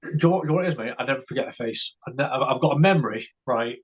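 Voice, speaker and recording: A man with a husky, grainy voice sits in as a podcast guest and tells a story over casual chat. He trips over his words and restarts a lot, checking in with "right?" and "mate" as he goes. His pitch sits in an ordinary middle range. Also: rapid-fire, highs cut off. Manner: stammers and restarts, tags lines with "right?" and "mate".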